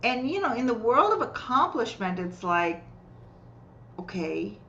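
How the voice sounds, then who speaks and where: Animated woman coach telling stories. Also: a little high, normal speed, muffled recording, a little hiss or hum. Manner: lively, acts out quoted voices while telling client stories. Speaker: energy healer and relationship coach, guest. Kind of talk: conversational storytelling.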